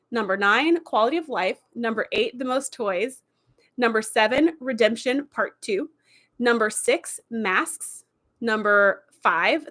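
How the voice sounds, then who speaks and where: A woman hosting a live stream, giving a chatty, animated episode recap with lots of "like" and "you know.". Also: on the high side.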